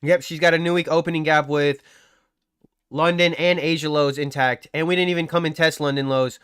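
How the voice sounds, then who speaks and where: A man hosts a live trading stream, talking through the charts while ribbing his chat with slangy, boastful banter. His voice sits on the higher side for a man. The sound is dry and close, with no room echo. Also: fairly even intonation, moderate pace, a bit bright, clean tone. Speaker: livestream trading host.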